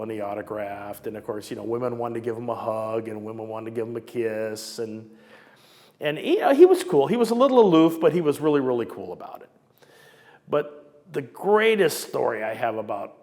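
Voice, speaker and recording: A man in his sixties from Southern California, telling old stories in a casual, lively way and acting out the people he quotes. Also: mid-range voice, big-room sound. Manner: animated, acts out quoted voices. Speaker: storyteller recounting memories. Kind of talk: casual storytelling interview.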